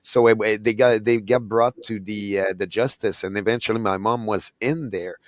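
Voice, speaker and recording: Low-voiced man telling a halting story. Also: no room sound. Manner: halting storytelling with many restarts. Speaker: podcast co-host. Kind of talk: casual chat.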